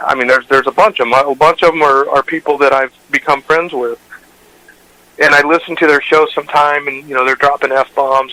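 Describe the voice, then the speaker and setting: A man who hosts a radio show tells stories in a relaxed interview as a guest, rambling with restarts and fillers. His mid-range voice has a sharp tone, and the recording is rough.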